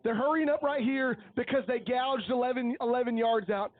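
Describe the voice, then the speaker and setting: Man, very high voice, color commentator, coach-like play analysis, earnest, dry tinny phone-like sound. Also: fairly even intonation, normal speed, no echo. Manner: analytical, coach-like breakdowns of plays; earnest and openly emotional. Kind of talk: high school football commentary.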